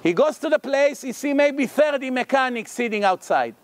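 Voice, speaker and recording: A man with a very high voice gives a religious lecture in English, a language he did not grow up speaking. He tells a long story and voices each person in it, so his pitch and loudness swing widely between narration and their lines. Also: moderate pace, dry recording. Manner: animated, acts out the characters' lines in the story. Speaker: rabbi. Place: lecture hall.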